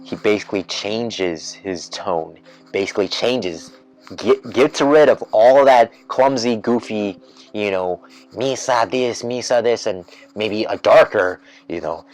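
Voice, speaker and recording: A man with a lowish voice holds forth on his podcast in a loose, rambling rant. He circles back over his points with plenty of fillers and false starts. His energy climbs and his voice gets louder whenever an idea takes hold. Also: measured pace. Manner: rambling, heavy with fillers and restarts; grows excited and loud when imagining twists. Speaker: podcast host. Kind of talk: casual rant.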